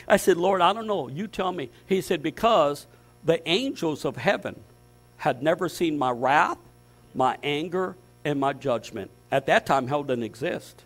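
A man preaching as pastor, fervent, dropping to hushed tones and rising to loud, emphatic lists. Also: fairly high pitch. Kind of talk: sermon.

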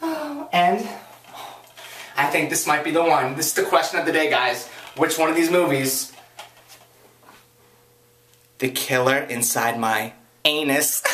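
A woman talking to camera in a comedic vlog, campy and playful, her voice swooping up high for jokes. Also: lively intonation, normal speed, long pauses. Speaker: vlogger. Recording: echoey room, distant mic, faint hiss.

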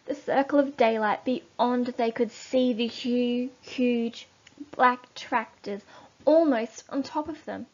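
A woman teacher reading a children's story aloud for a lesson, slow and expressive. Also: fairly high pitch. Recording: dull lo-fi recording.

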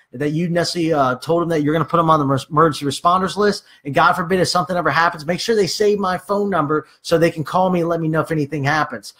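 Higher-voiced man giving sales training. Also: a bit bright. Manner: acts out dialogue with clients, many fillers. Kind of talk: casual training talk.

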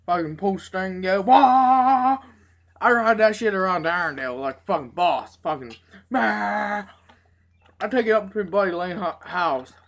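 A woman telling profane, animated stories in a casual review video. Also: mid-range voice, a little slow. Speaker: tobacco dip reviewer. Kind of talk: casual storytelling.

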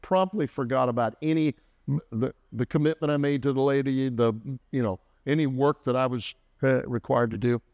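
A man co-hosting a podcast, telling a story from his childhood in a folksy way, often pausing with "uh" and starting over. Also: mid-range voice, darkish tone, dry recording, highs cut off. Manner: folksy, with frequent "uh" and restarts. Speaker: co-host. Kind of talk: casual storytelling.

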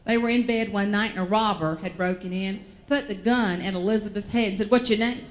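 A woman with a Southern American accent giving a humorous keynote, telling stories in an animated, folksy way. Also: mid-range voice, brisk. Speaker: motivational speaker.

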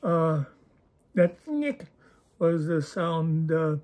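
A man's voice: high-pitched, unhurried, mellow. A man hosting his own channel, talking in a casual, digressive monologue with a wry, self-deprecating humor. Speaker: channel host.

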